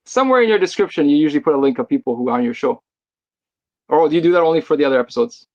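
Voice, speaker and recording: A man's voice: on the high side, animated, racing, darkish tone, dull audio. A man from Quebec with a Québécois French accent, joining as a guest for a joking, argumentative casual chat. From Quebec, Canada.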